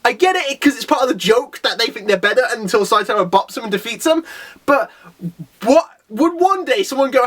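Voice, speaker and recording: Excitable high-voiced man rambling. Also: fairly quick. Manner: excitable, rambling, laughing often; breaks into character voices. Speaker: manga reviewer. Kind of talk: casual chapter review.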